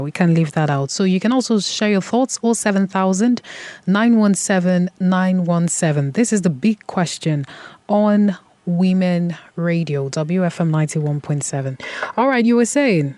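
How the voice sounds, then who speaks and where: A woman hosting a radio talk show in a studio, measured with filler pauses. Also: fairly low pitch, warm tone, no echo. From Nigeria. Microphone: studio mic.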